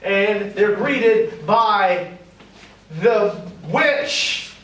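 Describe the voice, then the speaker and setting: A man's voice: high voice, drawn-out words, fairly bright tone. A man improvising a comic story as narrator on stage, rambling and correcting himself as he goes. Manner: rambling, self-correcting, laughing at his own story. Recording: very echoey, distant live stage recording.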